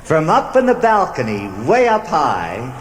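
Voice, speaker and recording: A man's voice: fairly high pitch, wildly swooping pitch, a little hiss or hum. A male stage entertainer doing playful comic patter and chuckling at his own lines. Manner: chuckling, playful, drawn-out delivery.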